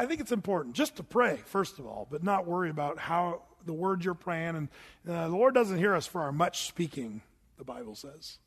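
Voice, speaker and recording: A middle-aged male pastor with a fairly high voice delivers an animated, storytelling sermon. His words ring out in a large church hall with a long reverb tail. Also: slightly rough.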